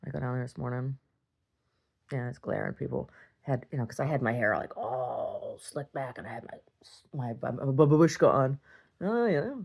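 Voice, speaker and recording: A woman's voice: extremely low pitch, expressive, moderate pace, gravelly, darkish tone. A woman talking casually in a video diary, chatty and self-interrupting, laughing often. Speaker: video diarist.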